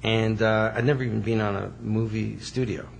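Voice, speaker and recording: A male guest telling animated stories in a casual interview and acting out other people's voices. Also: fairly low pitch, moderate pace, gravelly, big-room sound, slight background noise. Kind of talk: casual storytelling.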